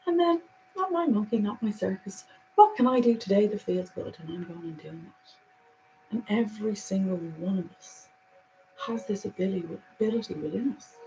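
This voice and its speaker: A woman giving a reflective spiritual monologue, earnest and animated, moving between soft musing and emphatic conviction. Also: medium pitch, vocal fry, a little hiss or hum, rough recording. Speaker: spiritual speaker.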